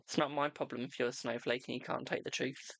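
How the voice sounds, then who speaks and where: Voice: medium pitch, level tone, fast, gravelly, fairly bright tone, no echo. A young adult tarot reader chatting bluntly and casually on a live stream. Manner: blunt, chatty, self-deprecating.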